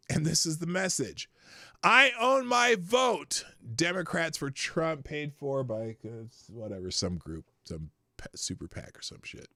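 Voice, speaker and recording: A man's voice: mid-range voice, a bit bright, dry recording, clean studio sound. A man hosting a live morning news show, talking casually and rambling off the cuff, with the odd swear. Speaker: host.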